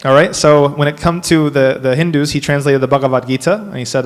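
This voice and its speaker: Imam giving a workshop talk, slightly high voice, animated with wry asides, echoing hall. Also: male voice, brisk, hardly any pauses. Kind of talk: lecture to a live audience. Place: mosque hall. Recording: long hall reverb.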